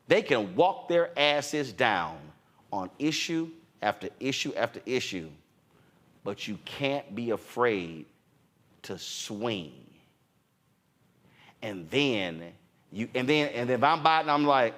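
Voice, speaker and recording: A man's voice: medium pitch, expressive, slow, long pauses, a bit bright. A man hosting a political talk show, delivering fired-up commentary with a preacher-like cadence and quoting others in mock voices. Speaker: host.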